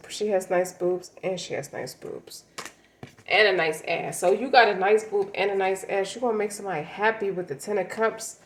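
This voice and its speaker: A woman's voice: medium pitch, reverberant, noisy background. Blunt, slangy woman reading tarot. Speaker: tarot reader.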